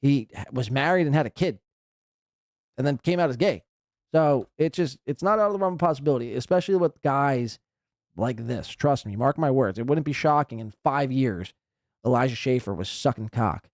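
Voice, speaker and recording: A man's voice: medium pitch, expressive, normal speed, dry recording, clean studio sound. A man hosting a live podcast, giving crude, sarcastic commentary as he reacts to clips.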